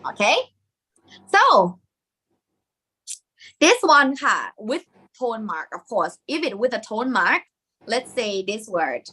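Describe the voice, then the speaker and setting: A woman's voice: on the high side, big pitch swings, measured pace, long pauses, pushed and bright. A woman with a Thai accent teaching a live online lesson, explaining step by step and dropping Thai particles into her English.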